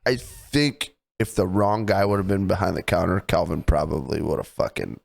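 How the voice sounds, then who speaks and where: A man's voice: low-pitched, moderate pace, gravelly. A man co-hosting a podcast, telling a story in casual chat with lots of swearing and indignation. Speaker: podcast co-host.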